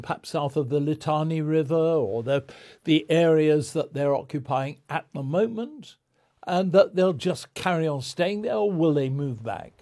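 A man's voice: fairly high pitch, mellow. Man presenting a radio news programme. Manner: measured, probing questions. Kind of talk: broadcast news interview. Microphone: studio microphone. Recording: dry studio sound.

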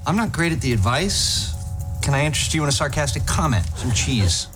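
A man's voice: on the high side, big pitch swings, fairly quick, music in the background. An actor playing an awkward, sarcastic young man in a sitcom clip, with a dry, wisecracking delivery. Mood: wry. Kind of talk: sitcom clip played on air.

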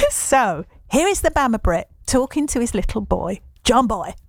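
A woman's voice: on the high side, very animated, measured pace, gravelly, no room sound. A middle-aged woman hosting a casual morning radio show, bubbly and gushing, often trailing off and restarting.

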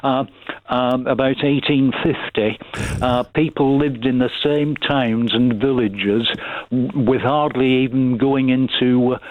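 A man's voice: mid-range voice, steady tone, a little slow. Burnley-accented man on a phone line. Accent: Burnley, Lancashire. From Burnley, England. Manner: chatty, many fillers and restarts. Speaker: caller. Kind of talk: phone-in chat.

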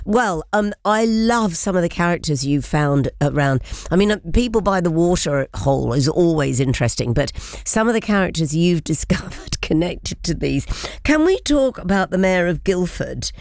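Low-voiced woman in her sixties hosting. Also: sing-song, normal speed, darkish tone, dry recording, clean studio sound. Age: 60s. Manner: enthusiastic, gushing. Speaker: radio presenter. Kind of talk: casual interview chat.

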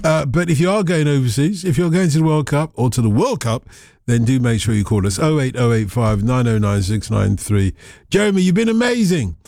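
A man's voice: medium pitch, animated, fairly quick, vocal fry, darkish tone, dry recording. A man hosting a radio phone-in, playful and theatrical, with sudden exclamations and snatches of song. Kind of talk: casual radio chat. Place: radio studio.

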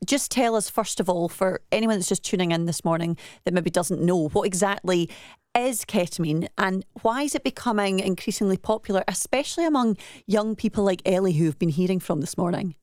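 A woman presenting a breakfast radio news programme, brisk and chatty. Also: mid-range voice, a little mellow, dry recording, clean studio sound.

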